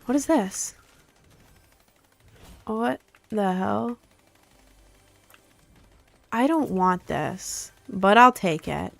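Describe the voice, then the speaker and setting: A woman's voice: medium pitch, animated, very slow, creaky, pauses often, a bit bright, no echo. A young woman chatting casually on a live stream while playing a game, rambling and answering her chat.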